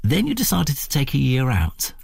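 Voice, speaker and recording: A man interviewing a guest in a lively, conversational way, asking questions. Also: mid-range voice, normal speed, creaky, husky, dry recording, studio quality. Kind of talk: radio interview.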